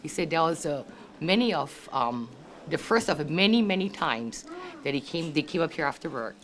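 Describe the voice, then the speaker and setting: A woman's voice: low-pitched, lively intonation, moderate pace, slight background noise. A woman in her sixties with a Hawaii local English accent, telling family stories at a reunion in a chatty way, laughing often and acting out her relatives' voices. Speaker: family member sharing memories. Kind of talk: casual storytelling.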